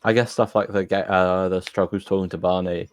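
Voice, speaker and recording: A man giving relaxed, chatty live commentary on a speedrun race, with dry humor. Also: deep voice, brisk, dry recording.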